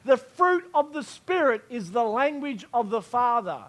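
A man's voice: extremely high pitch, sing-song, measured pace, a bit bright. A man preaching a sermon with emphasis, repeating key phrases and asking his listeners whether they heard him.

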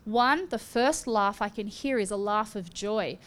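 A woman preaching and giving prophecy in a fervent charismatic style, with rising exclamations and sharp gasps. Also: medium pitch, unhurried. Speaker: prophetic minister.

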